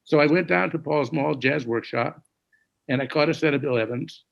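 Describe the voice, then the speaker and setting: A man in his sixties telling stories as a jazz musician in an interview, dropping to a hush when he quotes others and scatting tunes now and then. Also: a little high, moderate pace, muffled recording. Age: 60s. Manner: gravelly, hushed when quoting others, scats melodies. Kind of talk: conversational storytelling.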